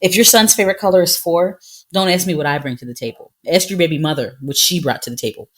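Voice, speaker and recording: A woman's voice: lowish voice, quick pace, fairly bright tone, slightly rough. A woman in her thirties co-hosting a podcast, telling a story in a sassy, emphatic way and laughing often. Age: 30s. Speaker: podcast co-host. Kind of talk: casual chat.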